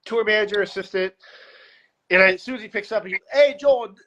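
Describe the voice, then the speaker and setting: Male guest, high voice, animated storyteller, casual interview, muffled lo-fi recording. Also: slight background noise. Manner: animated storyteller, puts on quick voices in anecdotes. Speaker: guest, security director.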